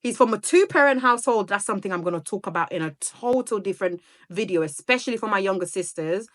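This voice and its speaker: A woman's voice: medium pitch, lively intonation, fast, fairly bright tone. Chatty woman from Sierra Leone. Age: 30s. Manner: talkative, rambling, chatty. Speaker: vlogger. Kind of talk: casual chat to camera.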